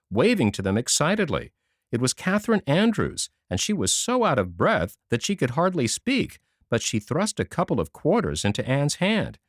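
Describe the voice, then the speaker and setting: A man narrating a classic children's novel in an expressive, measured reading voice. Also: mid-range voice, no echo, studio quality. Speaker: audiobook narrator. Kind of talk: scripted storybook narration.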